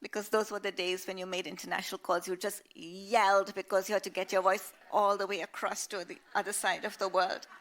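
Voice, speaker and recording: A woman author reading her own novel aloud in a measured, expressive way. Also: medium pitch.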